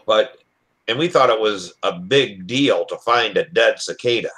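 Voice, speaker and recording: A man's voice: fairly low pitch, unhurried, a bit bright, husky. A man from Michigan chatting on a video call, plain-spoken and asking the others questions. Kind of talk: casual chat, swapping stories.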